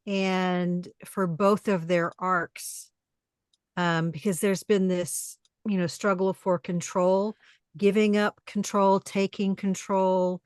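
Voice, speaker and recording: A woman's voice: medium pitch, level tone, slow, clean tone, no room sound, studio quality. A woman co-hosting a casual discussion, thoughtful and analytical. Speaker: co-host. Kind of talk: casual chat.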